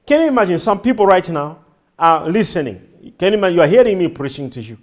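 A man's voice: sits high, very animated, quick pace. A man preaching a sermon to a congregation, repeating his phrases and firing questions back at the crowd. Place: church before a congregation.

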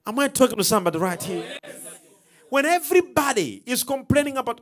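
Male preacher, high and very animated, emphatic call-and-response, faint music under. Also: a little fast. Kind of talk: sermon.

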